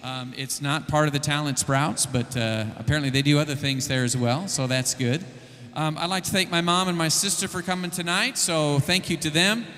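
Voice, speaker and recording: A man with a bright, pushing voice addresses a café crowd from the stage, stumbling over fillers as he goes. His words carry a long reverb from the room's PA. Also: fairly high pitch, moderate pace, hardly any pauses. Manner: hesitant, many fillers. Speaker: worship musician thanking the audience. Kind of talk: casual stage announcement. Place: live café venue with a PA.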